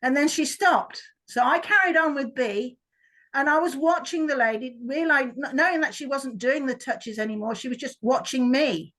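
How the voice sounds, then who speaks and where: A woman's voice: high voice, normal speed, a bit bright, poor audio. A woman, a workshop participant, chattily telling a story about her dog on a video call. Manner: chatty, with restarts.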